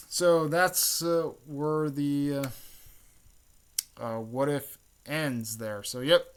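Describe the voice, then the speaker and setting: A man hosting his channel, recapping a story in a casual, halting way with many fillers, repeated words and throat-clearing. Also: on the high side, fairly even intonation, slight background noise. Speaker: channel host.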